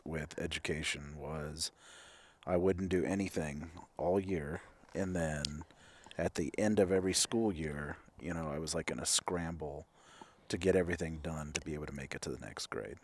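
A man's voice: extremely low pitch, a little slow. A man in his thirties, a counselor hosting a candid conversation, reflective, with many fillers and restarts. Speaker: clinical counselor and host.

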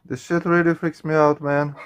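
Clean audio captures a man's fairly high voice with little pitch movement at a moderate pace. Hosting a gaming channel, he's on edge while reacting to a horror game, cursing frequently and addressing viewers as "man" and "guys."

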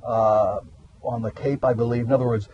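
A man's voice: medium pitch, fairly even intonation, normal speed, dark tone, highs cut off, slight background noise. A man, a meteorologist guest explaining things in a rambling, hesitant way. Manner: rambling, hesitant with many uhs. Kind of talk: casual explanatory chat. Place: outdoors in a garden.

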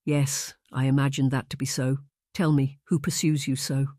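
The narrator voicing a gentle, stately old bishop in a storybook who speaks softly and calmly. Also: male voice, medium pitch, no room sound, studio quality, natural voice. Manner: soft, measured speech.

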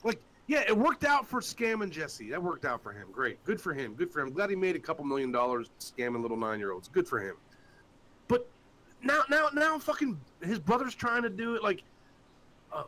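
High, lively, swearing ranting man. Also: a little fast, slight background noise. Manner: angry, swears constantly, mocks others in put-on voices. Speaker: co-host of a live call-in show. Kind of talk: profane ranting chat.

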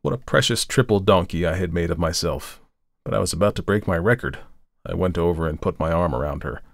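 A man with a low, deep voice reads a story aloud in a measured, dramatic way. The sound is dry and close, with no room echo at all. It has the steady feel of a careful audiobook narration. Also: vocal fry.

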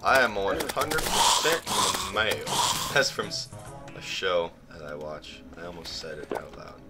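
A young man hosts a gaming video, talking slowly, then jumping into high shrieks when danger hits. His voice swings wildly from low mutters to squeals as he blurts silly exclamations. Loud game music plays underneath. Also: sing-song. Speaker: gaming channel host. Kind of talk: let's play commentary.

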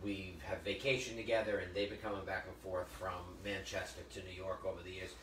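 A man's voice: low voice, level tone, brisk, fairly bright tone, far from the mic. A middle-aged man hosting a live cooking demo from his home kitchen, telling stories in a teasing, self-deprecating way. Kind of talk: casual joking chat. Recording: echoey room, voice off-mic, faint background noise.

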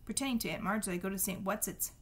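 A woman reading the lines of a cool-headed teenage boy, calm and measured. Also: mid-range voice, breathy edge, lightly acted. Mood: calm, pleading.

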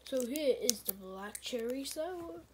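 A woman's voice: high voice, expressive, slow, background noise. A woman hosting a playful plush toy sour challenge, announcing each contestant.

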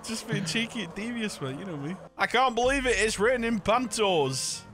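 Young man, teasing gamer, lively and slightly high voice. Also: normal speed, over music. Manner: teasing, cheeky, repeats catchphrases. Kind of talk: casual gaming banter.

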